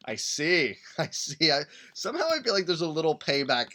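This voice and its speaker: Here the host's voice is high and very animated, with a sharp tone, a moderate pace and a little hiss or hum on the recording. Putting together a game character on his live-streamed tabletop podcast, he rambles in casual chat, reads out rules and hums while searching for details.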